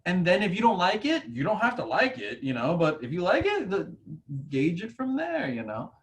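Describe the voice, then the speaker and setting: A young man hosts a relaxed podcast conversation. His voice sits slightly high for a man. He rambles through anecdotes, quoting himself with a laugh in his voice. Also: moderate pace. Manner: rambling storytelling with laughs and acted-out quotes. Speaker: podcast host. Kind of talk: casual podcast chat.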